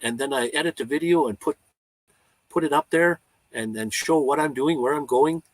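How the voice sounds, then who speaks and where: Husky man, live-stream host, rambling heartfelt chat, dry close sound. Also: a little high, moderate pace, no room sound, rough recording. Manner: rambling and heartfelt, with many restarts and stammers. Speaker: vlogger hosting a live chat.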